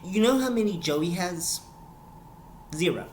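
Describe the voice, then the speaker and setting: A man's voice: high voice, animated, unhurried, a little hiss or hum. A young man reviewing a reality show episode in a casual vlog, rambling, repeating words and building into emphatic rants.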